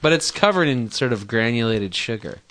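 A man's voice: medium pitch, lively intonation, moderate pace, fairly bright tone. Man, podcast co-host, mid-range voice, dry, wry, casual chat.

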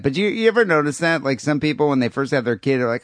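A man's voice: a little high, animated, fast talker, hardly any pauses, no room sound, clean studio sound. A man co-hosting a podcast, talking crudely and rambling in casual banter, often laughing. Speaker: podcast co-host.

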